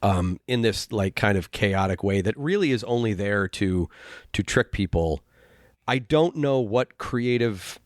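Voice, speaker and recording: A man hosting a casual podcast chat, talking haltingly with frequent restarts and sighs. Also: on the low side, animated, no room sound, clean studio sound. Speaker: podcast host.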